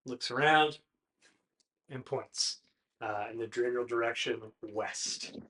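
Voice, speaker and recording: A man of middle pitch narrates a tabletop game as its game master. He talks casually and loosely, trailing off and restarting his lines with plenty of filler sounds. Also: slow, bright, forceful tone. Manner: casual, hesitant with many fillers.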